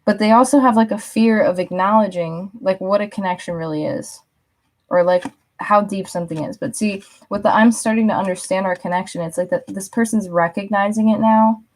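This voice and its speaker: A woman's voice: medium pitch, fairly quick, a little mellow. Chatty young woman giving a reading. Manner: chatty, lots of "like", laughs often, acts out quotes. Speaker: tarot reader. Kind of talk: casual spoken reading.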